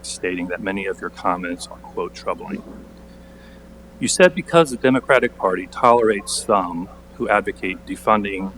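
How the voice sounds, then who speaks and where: Low-voiced man giving a pointed council statement. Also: a little hiss or hum, rough recording. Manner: pointed, sarcastic, building to forceful emphasis. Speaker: borough council member. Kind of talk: prepared public statement at a council meeting. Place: council meeting chamber.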